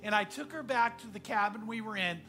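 A man preaching a sermon as pastor, telling a story earnestly and often dropping to a hushed voice. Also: high-pitched, brisk.

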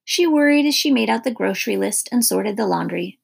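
A woman narrating a children's storybook in an expressive storytelling manner. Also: a little high, brisk, gravelly, husky.

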